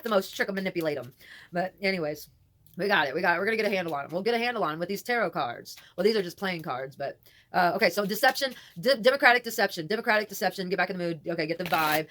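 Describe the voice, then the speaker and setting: A woman's voice: mid-range voice, a bit bright. A woman hosting her own channel, chatting to camera while doing a card reading, rambling and repeating herself with muttered asides. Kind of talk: rambling casual talk to camera.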